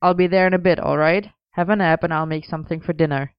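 A woman's voice: fairly low pitch, fairly even intonation, quick pace, clean tone, no room sound, lightly acted. A woman voicing a protective young man who speaks firmly and fondly, in a dull, dry recording. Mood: caring. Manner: firm, protective. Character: caring young man, firm and fond.

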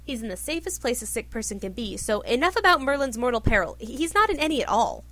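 A woman's voice: on the high side, animated, quick pace, no room sound. Woman doing exasperated young prince, indignant, insistent, storybook reading.

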